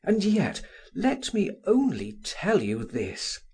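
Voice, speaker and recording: A male narrator voicing a passionate young man who pleads in a raised, breathy voice. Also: high-pitched, huge pitch swings, takes it slowly, a little mellow, pitched above the performer's own voice, exaggerated voice. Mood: pleading.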